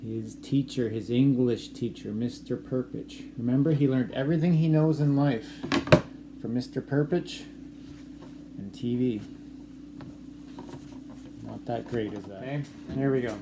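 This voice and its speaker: A man from Canada, a teacher, reading sentences aloud for his students to write down, repeating each one slowly and explaining punctuation. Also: mid-range voice, background noise. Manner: slow, clearly dictated phrasing, repeating sentences. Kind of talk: dictation lesson to students.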